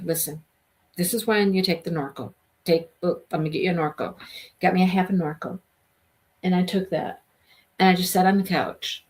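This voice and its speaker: A middle-aged woman telling a personal story in a casual vlog, emotional and animated, acting out what was said. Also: mid-range voice. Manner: emotional, animated retelling with quoted dialogue. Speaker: host.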